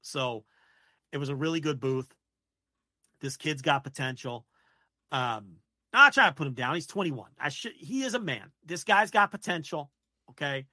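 Bright, opinionated man ranting. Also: a little high, expressive, normal speed, long pauses, no room sound. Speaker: podcast co-host. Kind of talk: casual podcast chat about wrestling.

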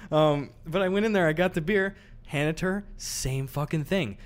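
A man's voice: a little high, normal speed. A young man co-hosting a podcast, telling a story in casual chat, swearing freely and acting out both sides. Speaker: podcast co-host.

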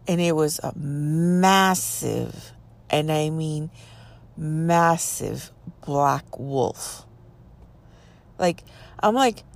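A middle-aged woman with a low voice tells a story casually. She swears freely, talks with a lot of energy, and acts out the voices of the people in it. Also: unhurried, vocal fry. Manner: animated, profane, acts out quoted voices. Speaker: podcast guest telling a paranormal story.

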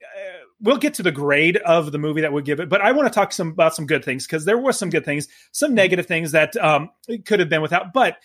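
A man chatting casually as co-host of a movie review, animated and often stammering and restarting his sentences. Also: a little high, brisk.

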